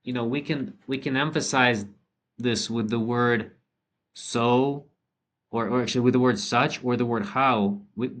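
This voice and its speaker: A man teaching a language lesson, thinking aloud with frequent ums and restarts and reading model sentences slowly. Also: fairly low pitch. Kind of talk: relaxed spoken lesson.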